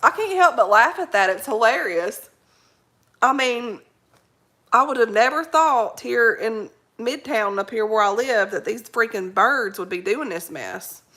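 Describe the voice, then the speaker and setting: A woman's voice: fairly high pitch, lively intonation, unhurried, pushed and bright. A woman hosting a casual live chat, greeting viewers by name, rambling in folksy slang and laughing often. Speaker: livestream host reading viewer comments.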